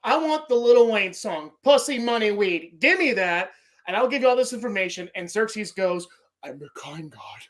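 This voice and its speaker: A man hosting a podcast who rants about movies in an excitable, profanity-heavy way. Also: sits high, normal speed. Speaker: podcast host. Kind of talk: casual movie-ranking rant.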